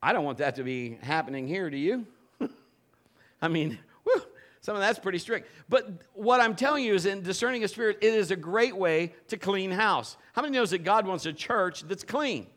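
A male pastor preaching a sermon with an animated delivery that swings from loud bursts to low, intimate tones. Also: moderate pace.

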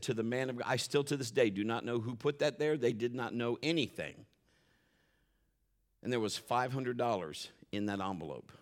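A middle-aged male pastor preaching a sermon, telling a story emphatically, with swings from loud exclaims to hushed asides. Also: mid-range voice.

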